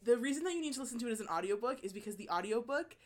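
A woman's voice: a little high, expressive, very fast. A woman in casual podcast chat, talking animatedly, laughing often and swearing as she raves about a book.

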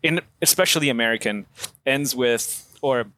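A man, co-hosting a podcast, telling an animated story about a movie scene. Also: mid-range voice, moderate pace. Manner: animated storyteller, acts out quotes. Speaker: podcast co-host. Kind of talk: casual chat about films.

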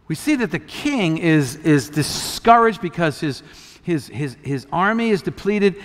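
A man preaches as a pastor, his voice sitting a little high for a man, with a long reverb trailing behind him. He talks in a loose, conversational way full of restarts, then climbs to loud, emphatic peaks. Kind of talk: sermon.

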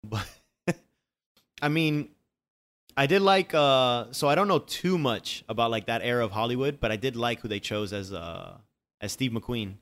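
A man chatting casually about a movie, rambling and animated, swearing freely. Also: mid-range voice, normal speed.

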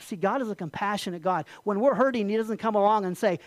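Pastor preaching with soft, dropping endings. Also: mid-range voice, brisk, hardly any pauses, no room sound. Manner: emphatic, swings from loud declarations to soft near-whispered endings; repetitive, rhetorical questions. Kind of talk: sermon with closing prayer.

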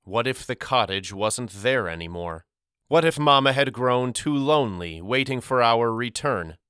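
A man narrating a first-person storybook audiobook in a measured, unhurried way. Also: mid-range voice, lively intonation, fairly bright tone, clean tone, no echo, clean studio sound.

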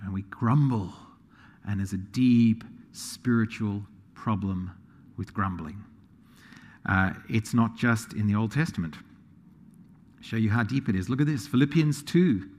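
A man preaching a sermon, animated, swinging between quiet asides and loud emphasis. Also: fairly low pitch, unhurried, in a large hall. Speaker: pastor.

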